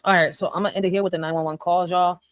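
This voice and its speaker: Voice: mid-range voice, level tone, very fast, no echo, clean studio sound. A livestream co-host talking casually and animatedly to viewers.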